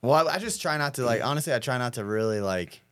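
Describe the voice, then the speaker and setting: A man's voice: mid-range voice, expressive, fast talker, fairly bright tone, clean tone, no echo, studio quality. A young man in casual chat, rambling with lots of fillers and swearing. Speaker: podcast guest, prankster.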